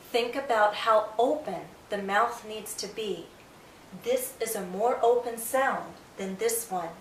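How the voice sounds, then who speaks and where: A woman teaching English vowel sounds, speaking slowly and modeling each sound with clear articulation. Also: mid-range voice, distant mic, slight background noise. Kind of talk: slow scripted pronunciation lesson. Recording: roomy echo, faint music behind.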